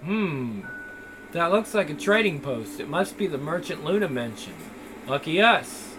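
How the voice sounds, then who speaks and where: A man's voice: on the high side, sing-song, measured pace, noisy background. A man voicing the hero of a video game, casual and wry with frequent swearing. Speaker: gamer voicing the main character. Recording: music playing behind.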